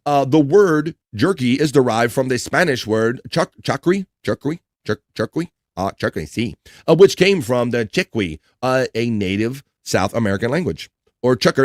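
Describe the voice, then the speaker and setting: A man hosts a relaxed live stream, chatting loosely, reading trivia and chat messages aloud. He jokes often, trips over hard words and swears when he fumbles. His voice is recorded close and dry, with no room sound. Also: mid-range voice, normal speed, dry recording. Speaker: livestream host.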